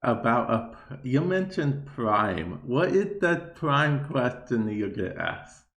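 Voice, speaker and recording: A man hosting a casual podcast chat, relaxed and easygoing, laughing often. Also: mid-range voice, takes it slowly, echoey room, muffled recording. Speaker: podcast host.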